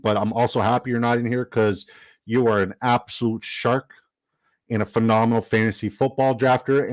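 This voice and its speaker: A man's voice: medium pitch, no echo, rough recording. A man hosting a live stream in a casual, upbeat way, rambling and reading out viewer comments. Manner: chatty and upbeat, rambling with fillers and shout-outs. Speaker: livestream host.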